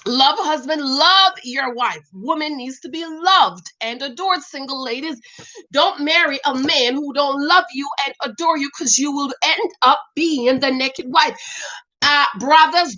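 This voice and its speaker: A middle-aged woman chats casually about a reality show and greets her regular viewers by name. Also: high-pitched. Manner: animated, talks back to viewers by name. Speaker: commentary vlogger reading viewer comments. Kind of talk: casual chat.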